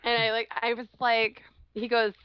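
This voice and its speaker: A woman co-hosting a podcast, telling a story in a casual, animated way and laughing often. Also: a little high, moderate pace, smooth, no room sound. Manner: animated, quotes others in changed voices, laughs often. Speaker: podcast co-host. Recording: dull lo-fi podcast audio.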